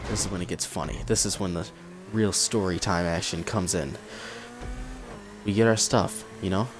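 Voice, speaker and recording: A young man casually telling a personal story on his channel, acting out what people said with lively energy. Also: on the low side, a little hiss or hum. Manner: animated storytelling, acts out quotes. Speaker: vlogger. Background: cat in the room.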